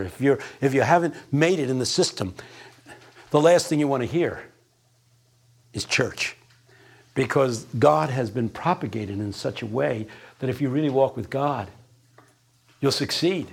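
An older male preacher with a gravelly, husky voice. He preaches in an emphatic, folksy way, building his points in rhythm and dropping in wry asides. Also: mid-range voice, animated, normal speed, long pauses. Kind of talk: sermon.

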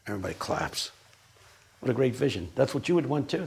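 Man, lecturer, husky gravelly voice, lively swinging pitch, classroom talk. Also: fast. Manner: animated, storytelling with acted-out quotes.

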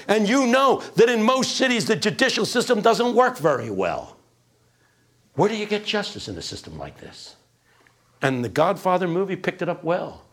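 A man giving a classroom lecture, animated and full of rhetorical questions. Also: a little high, husky.

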